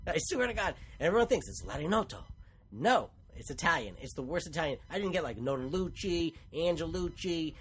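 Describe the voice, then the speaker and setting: A man co-hosting a comedy podcast in casual banter, sarcastic and quick, getting over a cold. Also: a little high, big pitch swings, husky. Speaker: podcast co-host.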